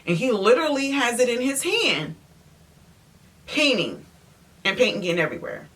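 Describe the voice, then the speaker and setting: A woman interior designer telling a story in an animated, emphatic way, speaking straight to her viewers. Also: a little high, moderate pace. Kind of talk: storytime vlog.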